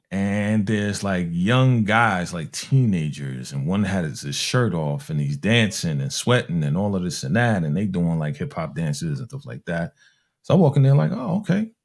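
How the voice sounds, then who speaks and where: Animated New man telling stories. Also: sits low. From Harlem, New York. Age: middle-aged. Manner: animated, acts out other people's voices in quotes, slangy. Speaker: music producer telling stories on a talk show. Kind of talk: casual storytelling chat.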